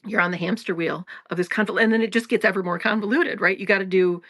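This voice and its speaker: A woman's voice: mid-range voice, fairly even intonation, fast talker, a bit bright, dry recording, studio quality. Frank, swearing spiritual teacher woman. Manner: frank and profane, laughs often, many restarts. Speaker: spiritual teacher and podcast host. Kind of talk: casual spiritual talk to a live audience.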